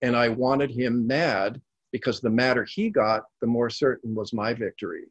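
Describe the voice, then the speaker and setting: Calm male narrator reading stories, husky voice, dry close sound. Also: medium pitch, moderate pace, no echo, lo-fi sound. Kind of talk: scripted storytelling narration.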